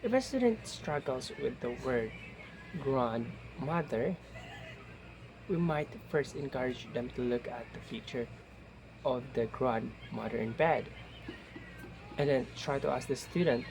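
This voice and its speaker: Slow, gravelly young man presenting a lesson. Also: mid-range voice, lively intonation, over music, poor audio. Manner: slow, halting delivery with fillers and restarts. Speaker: student presenter. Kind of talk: class report presentation.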